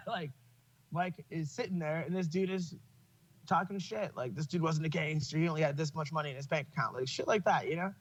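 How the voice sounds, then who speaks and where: Swearing freely and laughing through his stories, this opinionated podcast host keeps the chat casual. He speaks a little fast in a voice on the high side, and the audio is dull.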